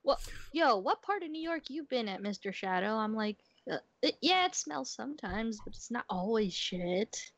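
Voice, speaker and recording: A woman chatting casually as a stream guest, relaxed and wry. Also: fairly high pitch, normal speed, dry recording. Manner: relaxed, wry, says mm a lot. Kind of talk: casual chat.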